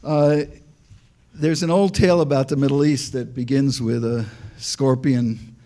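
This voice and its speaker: Older man with a mellow low voice. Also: steady tone, a little slow. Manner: dry joking, tells anecdotes, frequent restarts. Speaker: panel speaker, former diplomat. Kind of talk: public talk at an institute.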